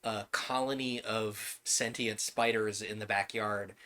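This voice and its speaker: A man narrating as game master of a tabletop role-playing game, unhurried and loose, with fillers and chuckles. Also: fairly low pitch, fairly even intonation, sharp tone, slight background noise.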